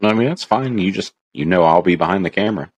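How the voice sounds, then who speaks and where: A man's voice: deep voice, fast talker, slight background noise. A man co-hosting a podcast in casual chat, making dry, wry quips. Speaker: podcast co-host.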